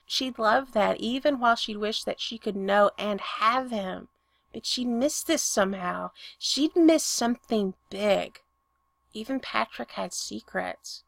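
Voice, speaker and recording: Gravelly woman reading a story aloud. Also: on the high side, measured pace, fairly bright tone, dry recording. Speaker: story reader.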